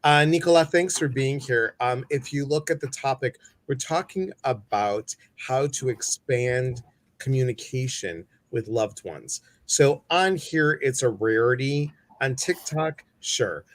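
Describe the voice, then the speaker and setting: A man's voice: medium pitch, a little slow. A man hosting a live stream, chatting casually, greeting viewers and reading their comments, with many fillers. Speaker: host.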